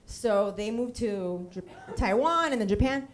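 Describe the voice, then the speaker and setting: A woman's voice: mid-range voice, lively intonation, a little slow, slight background noise. A woman in her thirties from Miami, telling a comic personal story on a theater stage and acting out the voices of the people she quotes.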